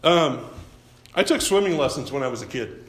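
A man's voice: medium pitch, animated, moderate pace, reverberant. A man preaching a sermon as pastor, talking in a folksy, self-deprecating way and often repeating his words.

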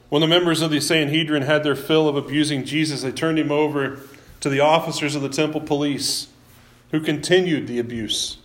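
Lively storytelling male preacher. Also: on the high side. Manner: lively storytelling, acting out biblical quotes; casual, conversational asides. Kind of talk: sermon.

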